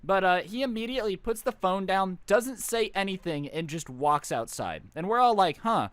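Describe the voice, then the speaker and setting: A young man tells a long story to his stream, rambling and joking, sometimes jumping into little voices for his friends. His voice is a bit high for a man and swings up and down a lot. It sits close and dry on the mic. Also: animated, normal speed, no echo. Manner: rambling, jokey, slips into mock voices for friends. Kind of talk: casual storytelling.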